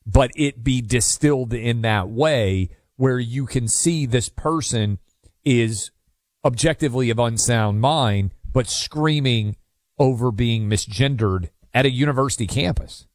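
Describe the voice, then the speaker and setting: A man's voice: medium pitch, a little slow, no room sound. Male talk radio host, opinionated and chatty, dry studio sound. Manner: conversational, opinionated, frequent fillers.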